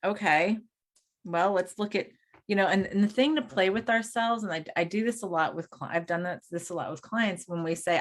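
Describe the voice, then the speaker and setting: A middle-aged woman co-hosts a spiritual podcast and also works as a coach, talking casually at normal speed. Her voice is on the low side, and she rambles, musing aloud and restarting her thoughts often.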